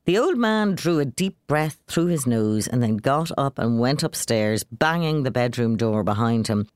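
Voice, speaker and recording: Woman reading literary fiction aloud; lively, expressive, dry close sound. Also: very deep voice, clear, resonant tone, no echo. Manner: measured, expressive narration. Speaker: author reading a story.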